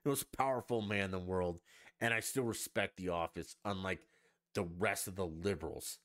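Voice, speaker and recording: A man's voice: low voice, normal speed, fairly bright tone. A man hosting a solo podcast, ranting in a profane, sarcastic and rambling way. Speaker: podcast host.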